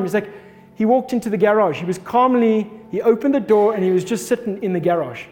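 A man in his thirties delivers a sermon built around a personal story, acting out his own shouts as he tells it. His voice sits high for a man. It rings with the long reverb of a hall, with faint music playing underneath. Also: fairly quick. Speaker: pastor.

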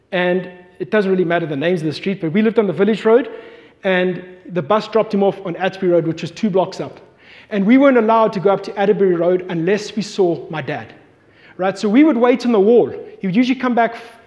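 A man with a high, light voice preaches a sermon in a large hall, and his words ring out with a long reverb. He tells the story vividly and acts out the voices of the people in it. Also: a little mellow.

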